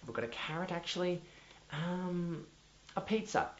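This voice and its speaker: A man's voice: sits high, measured pace, slight background noise. A man with an Australian accent playing a pompous, self-important male drama teacher who rambles with many restarts. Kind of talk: mockumentary comedy. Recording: dull lo-fi audio in an echoey room with faint music.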